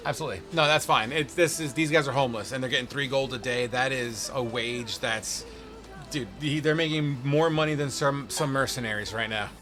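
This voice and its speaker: A man's voice: medium pitch, brisk, fairly bright tone. A man running a tabletop role-playing game as game master, talking casually, swearing now and then and thinking aloud over numbers, with faint music behind him.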